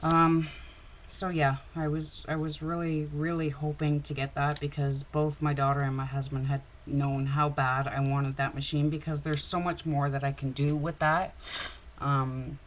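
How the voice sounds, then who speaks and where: A woman's voice: sits low, flat delivery, unhurried, slight background noise. A woman chatting casually on a livestream about her crafts, rambling and openly emotional. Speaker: craft vlogger.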